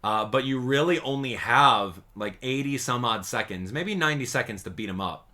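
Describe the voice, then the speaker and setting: A gaming YouTuber man giving slangy, excitable commentary on a game trailer, swinging between hype and sarcasm. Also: medium pitch, moderate pace.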